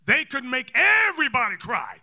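A man teaching a scripture class in a lively, joking sermon style, acting out quotes. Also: extremely high pitch, normal speed, creaky. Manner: animated, joking, acts out quotes, calls for readings.

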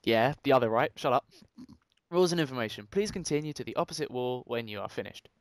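A man's voice: mid-range voice, animated, fast, no echo. A young man co-hosting a Let's Play, reading in-game signs aloud and bantering casually. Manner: joking, reads in-game text aloud. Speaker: gaming co-host.

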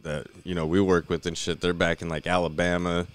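A man's voice: low-pitched, flat delivery, a little fast, clear, resonant tone. A man co-hosting a podcast, chatting in an easygoing, profane way. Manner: easygoing, profane, laughs often. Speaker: podcast co-host. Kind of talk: casual chat.

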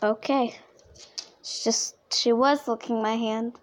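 A woman's voice: a little high, fairly even intonation, slow pace, a little hiss or hum. A young woman vlogging at her grandmother's home, talking to the dogs in a fond, baby-talk way. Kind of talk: casual vlog talking to pets.

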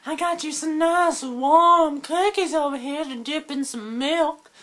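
A man putting on the voice of a frail, doting old granny offering cookies, in a quavering, drawn-out falsetto. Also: bright, forceful tone, full character voice. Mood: sweet, doting. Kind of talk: comedy sketch improv.

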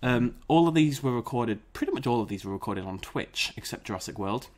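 A British man who hosts a YouTube gaming channel chats casually to camera, jokey and self-mocking, recorded on a dedicated mic. His medium-pitched, darkish voice is animated and brisk.

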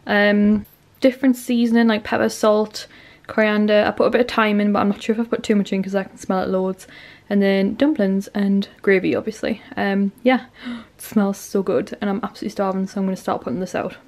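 A woman's voice: medium pitch, steady tone, brisk, a little mellow. Young woman, chatty home vlog, rambling, handheld camera. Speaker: vlogger. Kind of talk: casual home vlog chat. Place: at home, indoors.

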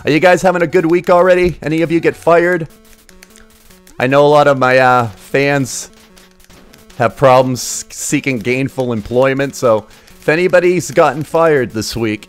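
Brief: male game streamer, casual crude sarcastic commentary, slightly high pitch. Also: unhurried, clear, resonant tone, soft background music. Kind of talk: casual live-stream commentary while gaming.

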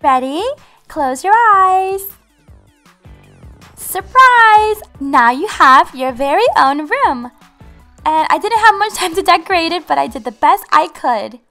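A woman's voice: sits high, expressive, moderate pace, a bit bright, faint music behind. A woman hosting a game channel, giving bubbly, giggly roleplay commentary to her viewers.

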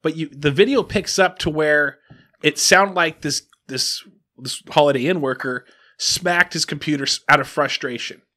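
A man's voice: on the high side, normal speed, pushed and bright. A man, around his thirties, hosting a podcast in casual chat, telling a story with many restarts and acted-out quotes. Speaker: podcast host.

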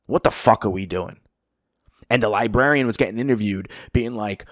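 A low-voiced man rants by himself on his podcast, swearing hard and repeating his points for emphasis. His anger keeps building. The recording is close and dry, with no room sound. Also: expressive, a little fast, no echo. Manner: heated, profane, emphatic repetition. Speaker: podcast host. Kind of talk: angry solo rant.

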